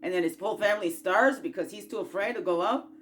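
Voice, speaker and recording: A woman's voice: medium pitch, quick pace, slight background noise. Rambling, playful woman coaching self-growth. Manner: rambling, playful, folksy and encouraging, with asides and rhetorical questions; swings between loud bursts and quiet murmurs. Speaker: spiritual self-growth host. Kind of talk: casual motivational chat.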